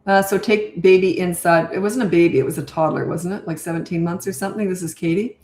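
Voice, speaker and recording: Older woman parenting coach, straight-talking Q&A, lowish voice in a roomy echo; live answers to comments. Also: steady tone, quick pace, darkish tone. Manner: chatty and direct, reads comments aloud. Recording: echoey room.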